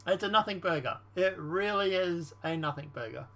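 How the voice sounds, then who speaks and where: A man's voice: sits high, expressive, moderate pace, gravelly, pushed and bright. A man casually commenting on politics in a rambling, slangy vlog. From Australia. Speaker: channel host.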